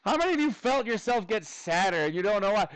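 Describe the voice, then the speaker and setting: A man's voice: sits high, expressive, fast talker, dry recording. A male math teacher casually telling his class a story in a chatty, self-amused way. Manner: chatty, self-amused, talks straight to students.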